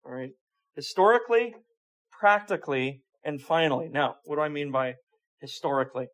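Casting: male preacher, slightly high voice, talky sermon style, rhetorical questions. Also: normal speed. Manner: conversational preaching with rhetorical questions and repeated words.

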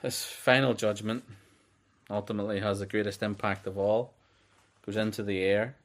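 A man teaching through a book of the Bible in a loose, conversational way. He reads scripture aloud with a slightly low voice and carries on with easy restarts. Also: fairly even intonation, normal speed. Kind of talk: conversational sermon.

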